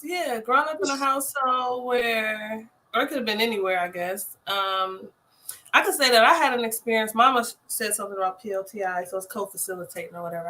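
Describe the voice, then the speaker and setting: A woman's voice: on the high side, sharp tone. A woman co-hosting a casual chat, loose and conversational, laughing often. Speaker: co-host.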